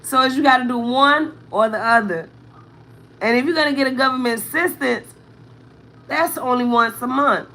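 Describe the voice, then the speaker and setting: Woman, 30s, bright forceful voice; candid live-stream venting to viewers. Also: high voice, normal speed. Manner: candid, venting, thanks commenters, near tears at times. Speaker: vlogger, mother of four.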